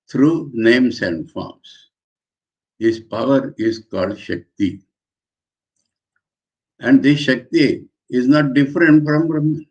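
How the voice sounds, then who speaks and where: A man, a monk giving a measured scripture commentary lecture, pausing between phrases. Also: mid-range voice. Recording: dull lo-fi lecture recording.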